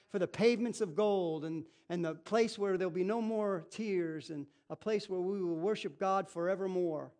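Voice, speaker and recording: A male pastor preaching a sermon in an animated, emphatic way, repeating phrases and asking rhetorical questions. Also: high voice.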